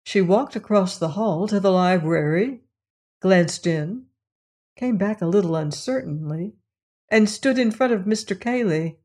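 Speaking at medium pitch, a female audiobook narrator works through a scripted reading of a novel, keeping her storytelling measured and level.

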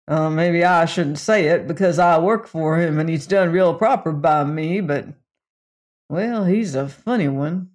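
A man's voice: fairly high pitch, a little slow, close to an everyday voice. A man voicing a blunt, hesitant frontier townsman who speaks in rural dialect. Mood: gossipy.

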